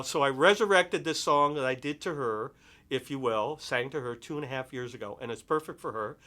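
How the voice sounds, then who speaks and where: A man's voice: fairly high pitch, bright, forceful tone. A middle-aged man hosting a show, chatting enthusiastically as he introduces a dedication and thanks friends and sponsors. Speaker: host and vocalist. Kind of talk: casual show talk with a sung dedication.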